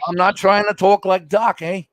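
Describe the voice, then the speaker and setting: A man's voice: sits high, level tone, normal speed, no echo. A man from Pennsylvania with a Pennsylvania accent, co-hosting a live stream, blunt and teasing, swearing freely. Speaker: stream co-host. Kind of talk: casual banter.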